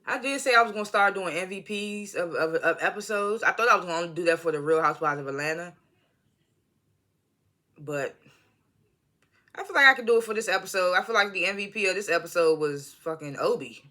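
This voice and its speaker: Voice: medium pitch, lively intonation, a little fast, pushed and bright. An American vlogger giving a loose, slangy TV episode review into a phone, full of asides and self-corrections. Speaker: TV show reviewer. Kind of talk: casual rambling video review.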